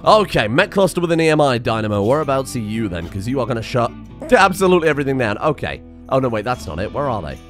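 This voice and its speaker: A young man giving excitable, sarcastic let's-play commentary and laughing often. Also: mid-range voice, fast, soft background music. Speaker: gaming channel host.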